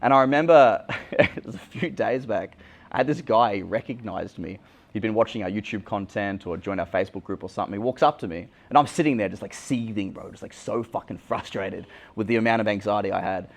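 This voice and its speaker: A man's voice: fairly low pitch, fairly quick, gravelly. A young Australian man, a dating coach, talking casually and bluntly with frequent swearing. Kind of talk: candid vlog monologue.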